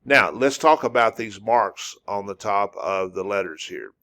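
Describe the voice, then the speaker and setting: A male teacher with a lowish voice talks through a lesson very slowly and casually. He hesitates a lot, restarts his sentences and stretches out sounds to show how they go. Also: expressive, fairly bright tone. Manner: slow and halting, many uh fillers and restarts; demonstrates sounds by drawing them out. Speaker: language teacher. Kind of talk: casual spoken lesson at a whiteboard.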